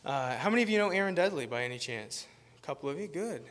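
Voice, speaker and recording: Fairly high-pitched and a bit bright, this man talks fast and animatedly. A guest preacher, he delivers a casual sermon built around a meandering, self-mocking story, laughing often along the way.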